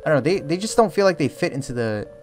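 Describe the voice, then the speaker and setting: A young man narrates his horror playthrough in a slightly high, very lively voice. He jokes between scares and breaks into yelps and panicked chatter when something jumps out. Quiet game music plays behind him. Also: quick pace. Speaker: streamer playing a horror game. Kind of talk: let's play commentary. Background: faint game music.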